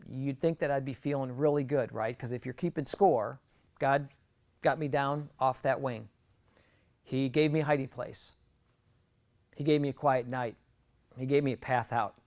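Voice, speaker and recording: A guest speaker, a middle-aged man, gives a personal testimony to a gathering in a gravelly, crackly voice of middle pitch and darkish tone. He speaks earnestly and conversationally, often restarting his sentences.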